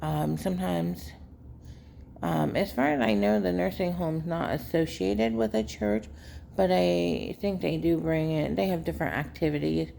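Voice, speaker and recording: Woman vlogger, unhurried storyteller, heavy vocal fry, mellow dark tone, light background hiss. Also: fairly low pitch. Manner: rambling, unhurried, many fillers. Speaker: vlogger, caregiver daughter. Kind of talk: casual storytelling to viewers.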